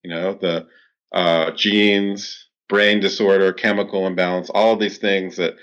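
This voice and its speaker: A man's voice: low voice, flat delivery, measured pace, fairly bright tone. A man answering interview questions as a clinical psychologist, explaining at length with many fillers and restarts. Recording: dull lo-fi sound.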